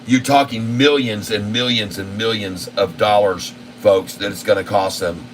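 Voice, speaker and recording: A man's voice: fairly low pitch, steady tone, moderate pace. A man hosting live stock market commentary, insistent and repetitive as he rattles off long lists of prices. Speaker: channel host. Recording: distant mic with faint air conditioning hum.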